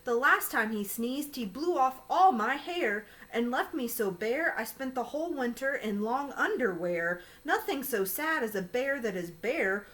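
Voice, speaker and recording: A woman's voice: a little high, animated, a little slow, few pauses, a bit bright. A woman doing a grumbling bald bear. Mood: complaining. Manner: complaining. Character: grumbling bear who lost his hair.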